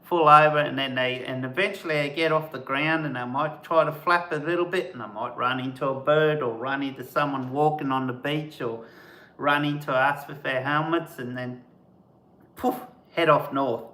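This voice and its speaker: A man hosting a live stream, telling casual stories in an animated way and mimicking sounds as he goes. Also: mid-range voice, moderate pace, echoey room. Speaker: host of a camping channel, live stream.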